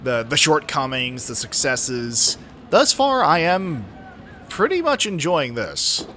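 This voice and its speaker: A man's voice: a little high, wildly swooping pitch, slow, sharp tone, a little hiss or hum. A man streaming a point-and-click game, joking wryly and swearing freely. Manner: wry, profane, laughs often. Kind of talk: casual gaming commentary.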